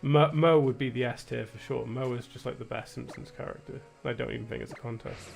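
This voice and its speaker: Young British streamer, gravelly voice, wry rambling chatter, faint game music behind. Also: male voice, mid-range voice, fairly even intonation, fairly quick. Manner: rambling and wry, with lots of filler words. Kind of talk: casual gameplay commentary.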